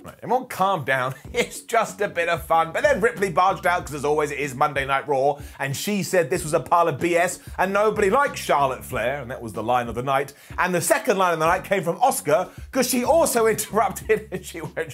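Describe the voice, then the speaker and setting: A man reviewing a wrestling show in a sarcastic, jokey, animated rant. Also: fairly high pitch, a little fast, hardly any pauses, soft background music.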